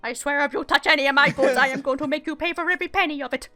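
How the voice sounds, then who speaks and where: Cranky old cart driver, swears constantly, gruff and shouty, voiced high and bright by a woman. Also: fairly even intonation, rapid-fire, soft background music. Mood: scolding. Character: grumpy foul-mouthed old male cart driver.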